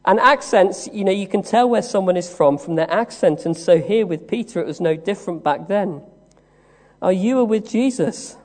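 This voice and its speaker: A man from the West Country of England preaching a sermon, telling the story slowly with many "uh" pauses. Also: sits high. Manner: measured storytelling with frequent "uh" pauses. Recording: long reverb of a large hall.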